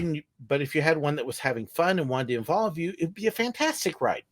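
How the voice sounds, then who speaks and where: Casual male guest from California, light voice, chatty storyteller. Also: on the high side. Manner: easygoing storyteller, laughs often. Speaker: guest, former theme park ride skipper. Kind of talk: casual video call chat.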